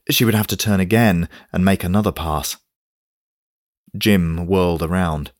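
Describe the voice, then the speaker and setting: A man reading a novel aloud in steady, measured scripted narration. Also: low voice, no room sound, studio quality. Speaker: audiobook narrator.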